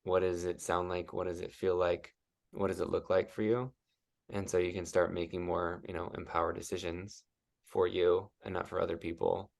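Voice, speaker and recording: Male guest coach, deep and creaky, loose chatty delivery full of "like". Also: level tone, normal speed. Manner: rambling, heavy use of "like". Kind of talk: casual podcast interview.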